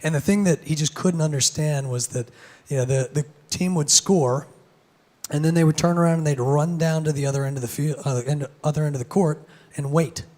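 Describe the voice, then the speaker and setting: Hoarse man, somewhat high voice, gravelly, chatty keynote speaker on a stage. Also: fairly even intonation, brisk, dark tone. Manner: casual, many fillers and restarts. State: hoarse, lost voice. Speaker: conference speaker. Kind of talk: keynote talk. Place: conference main stage.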